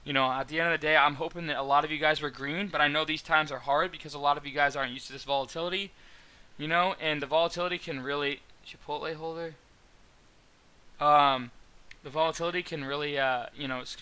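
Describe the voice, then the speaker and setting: A man's voice: fairly high pitch, sharp tone, clean tone. A young man talking casually as a trading mentor, rambling through his trades with many fillers and restarts. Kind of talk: casual trade recap to viewers.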